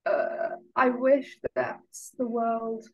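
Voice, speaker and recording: A young British woman appears as a guest on a podcast, chatting casually in an interview and hesitating a lot with "like" and "I don't know." Her fairly high voice stays steady and moves very slowly, and the audio sounds dull.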